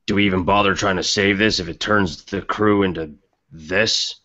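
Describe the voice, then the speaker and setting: A man's voice: low voice, fairly even intonation, moderate pace, bright, forceful tone, dull audio. A man playing in a tabletop game, talking casually in character to his crew. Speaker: player.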